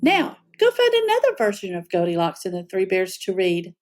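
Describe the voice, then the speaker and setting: A woman reading a picture book aloud to children, telling it as an expressive storyteller. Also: medium pitch, moderate pace.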